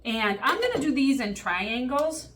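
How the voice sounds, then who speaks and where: A woman's voice: sits high, very animated, a little slow, background noise. Chatty woman hosting a cooking demo. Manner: chatty, upbeat, addresses viewers directly with frequent "okay?". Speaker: cooking show host. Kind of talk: casual kitchen demonstration.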